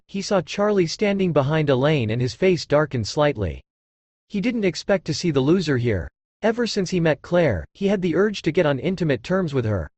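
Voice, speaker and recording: A man narrating an audiobook in a steady storytelling read. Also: on the high side, no echo. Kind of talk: scripted narration.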